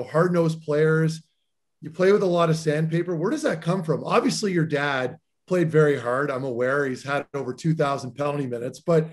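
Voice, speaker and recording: Male co-host, 35, rapid and lively, somewhat high-pitched storyteller. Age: 30s. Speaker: podcast co-host, former hockey player. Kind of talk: casual interview chat.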